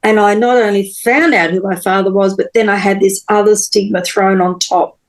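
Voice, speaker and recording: A woman, a podcast guest telling her personal story in an earnest, halting way with many pauses and restarts. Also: mid-range voice, steady tone, low-quality recording.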